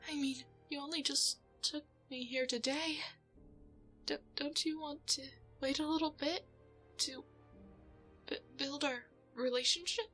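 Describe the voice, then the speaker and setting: A woman's voice: high-pitched, steady tone, unhurried, bright, forceful tone, faint music behind. A woman playing a frightened young woman held captive in an audio drama, talking in whispery, breathless bursts and stammering when scared. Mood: pleading, placating. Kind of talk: audio drama role-play.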